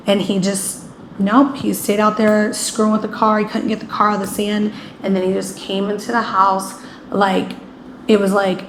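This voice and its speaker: A woman guest telling a painful personal story in a rambling way, with many fillers, often acting out what people said. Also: mid-range voice. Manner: rambling, many "like" fillers, acts out quoted speech. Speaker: interview guest. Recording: echoey room with faint ambient noise.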